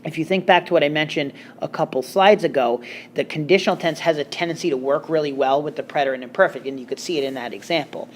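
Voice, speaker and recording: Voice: mid-range voice, quick pace, a little hiss or hum. A Spanish teacher giving a recorded grammar lecture, explaining step by step with joking asides.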